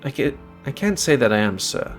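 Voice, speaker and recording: A man playing a curious young grandson, polite and eager, formal speech, medium-pitched voice. Faint guitar music plays underneath. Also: sing-song, a little fast, close to an everyday voice. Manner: polite and eager, adds "sir".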